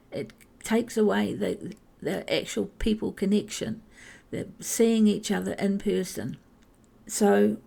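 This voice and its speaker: Gravelly, breathy woman podcasting candidly. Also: mid-range voice, warm tone. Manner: candid, halting, with frequent restarts. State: emotional, near tears. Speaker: podcast host. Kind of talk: personal podcast monologue.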